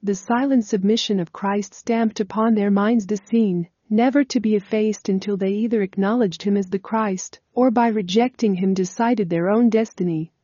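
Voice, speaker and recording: A woman reading a religious text aloud as scripted narration, in a steady, measured way. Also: mid-range voice, no echo. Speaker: audiobook reader. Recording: dull, lo-fi dry recording.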